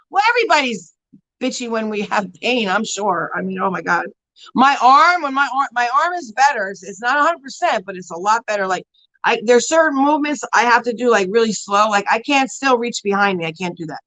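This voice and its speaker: A woman's voice: fairly high pitch, animated, fairly quick, fairly bright tone, poor audio. A woman hosting a casual beauty live stream, chatting and answering viewers in a rambling way full of fillers and frequent laughs. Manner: laughs often while talking.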